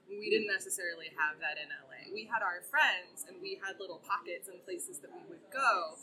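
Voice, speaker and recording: A woman actor chatting casually and telling animated stories, laughing often and acting out the people in them. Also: mid-range voice, low-quality recording. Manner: animated storyteller, laughs often, does voices in anecdotes. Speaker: actor in community theater. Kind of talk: casual conversation.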